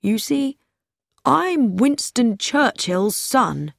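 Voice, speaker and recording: A woman's voice: fairly high pitch, sing-song, drawn-out words, gravelly, no echo, clean studio sound, voice pushed up, full character voice. A woman reading an audiobook, voicing an anxious, self-important young man who speaks earnestly and fearfully about being watched. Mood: troubled. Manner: earnest, confiding, growing fearful.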